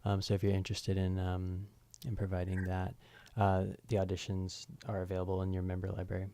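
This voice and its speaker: A man's voice: low-pitched, completely flat delivery, a little fast, dark tone. A man organizing a group meeting, making an announcement hesitantly with fillers.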